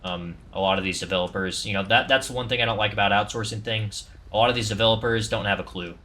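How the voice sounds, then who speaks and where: Deep-voiced guy showing off his game server, rambly, lots of ums. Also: steady tone, fast, bright, forceful tone. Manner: loose and rambling, with frequent ums and restarts. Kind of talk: casual game walkthrough narration.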